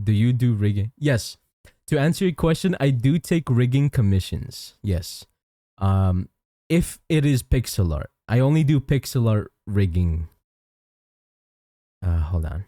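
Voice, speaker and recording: Young guy vtuber chatting w his stream, mellow warm voice, dry close mic. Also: medium pitch, lively intonation, measured pace, no room sound. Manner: chatty, reads chat aloud, frequent restarts. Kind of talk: casual live-stream chat.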